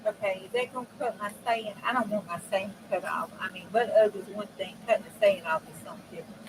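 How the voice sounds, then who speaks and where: A woman's voice: mid-range voice, quick pace. Folksy woman chatting while she crafts. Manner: folksy, chatty, talks straight to viewers with dialect phrasing. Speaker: crafting channel host. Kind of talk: casual crafting chat while working. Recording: steady background noise.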